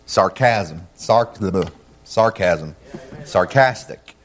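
A man preaching a sermon in a folksy way, saying "man" and "amen" often, who climbs higher and louder when he reads scripture. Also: big pitch swings, a little slow. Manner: rises in pitch and energy reading scripture. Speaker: visiting preacher.

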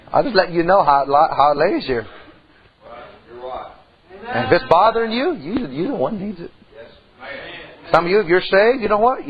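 The audio is dull as a high-voiced, middle-aged pastor delivers a church sermon. He shares a personal story in folksy fashion, moving from loud passages to hushed ones.

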